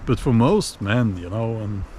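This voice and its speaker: A man giving a casual opinion monologue while walking outdoors, unhurried and musing, with many fillers and restarts. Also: lowish voice, animated, mellow, slight background noise. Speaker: video blogger.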